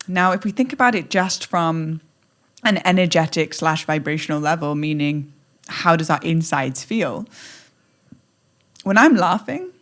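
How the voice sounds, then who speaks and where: A woman talking as a podcast guest in an animated, playful way, acting out little scenes as she speaks. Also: low voice, measured pace. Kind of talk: conversational interview.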